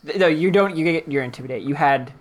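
This is a tabletop game master describing the scene to the players. The delivery is casual and stop-start, with plenty of restarts and quick laughs. The voice sits at a middling pitch.

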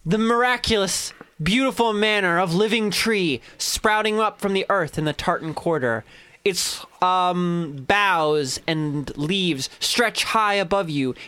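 A man running a tabletop game as game master, slowly describing scenes between jokes with his friends. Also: a little high, fairly bright tone. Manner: slow descriptive narration with joking asides.

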